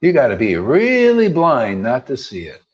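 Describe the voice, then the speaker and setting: A man's voice: mid-range voice, wildly swooping pitch, moderate pace. Combative slangy male preacher, dull lo-fi sound. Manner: combative, rhetorical questions, slangy "man". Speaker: spiritual teacher. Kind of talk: informal preaching. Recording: dull lo-fi recording.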